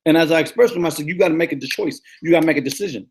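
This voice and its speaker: A man in his thirties, a life coach giving a casual, energetic motivational talk that repeats its points and often stumbles and restarts. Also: on the high side, rapid-fire, a little hiss or hum. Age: 30s. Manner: energetic, repetitive, preachy pep talk.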